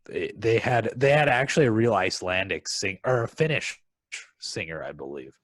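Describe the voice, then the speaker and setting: A man's voice: fairly low pitch, expressive, moderate pace, fairly bright tone, dry recording. A man co-hosting a film podcast in casual chat, talking hesitantly with plenty of ums and likes. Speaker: podcast co-host.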